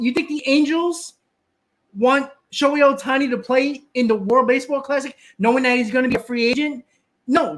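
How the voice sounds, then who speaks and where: A man's voice: very high voice, a bit bright. A man hosting a live stream, ranting casually, often repeating and restarting words and answering viewers in the chat.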